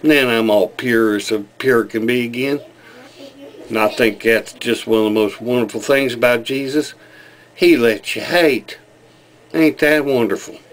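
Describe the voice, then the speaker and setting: A man's voice: mid-range voice, unhurried, voice pushed up, natural voice. A man voicing a bigoted, churchgoing small-town conservative with a Southern US accent, in a folksy, mock-earnest drawl. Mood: smug.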